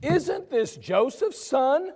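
Preacher doing a high mocking townsman, gossipy and doubtful, big church echo. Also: very animated, slow, darkish tone, heavily acted. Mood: incredulous. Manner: incredulous, mocking. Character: scoffing small-town man, doubtful and gossipy. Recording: long church reverb.

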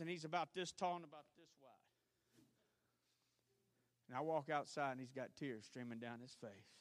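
Southern preacher guy, bright ringing voice, dry close sound, goes from yelling to hushed stories. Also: a little high, no room sound. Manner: preaching, swings from shouting to hushed storytelling. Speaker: pastor. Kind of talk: sermon. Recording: archived church service.

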